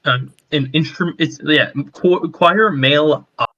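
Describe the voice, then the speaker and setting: A man co-hosting a podcast, talking haltingly about making his own music. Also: fairly high pitch, bright, forceful tone, highs cut off. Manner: hesitant, searching for words. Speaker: musician and co-host. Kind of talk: casual podcast chat.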